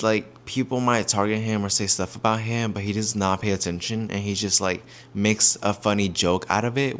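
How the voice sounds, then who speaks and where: A man's voice: lowish voice, fairly bright tone, clear, resonant tone. A young man chatting casually to viewers in a vlog on a handheld mic, rambling with lots of fillers. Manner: rambling, heavy fillers, addresses viewers as y'all. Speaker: YouTuber.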